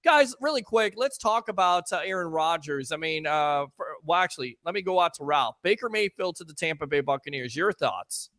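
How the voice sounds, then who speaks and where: A man hosting a casual sports talk show, excitable and sarcastic as he throws questions to his panel. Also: fairly high pitch, a little fast, few pauses, dry recording. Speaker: host.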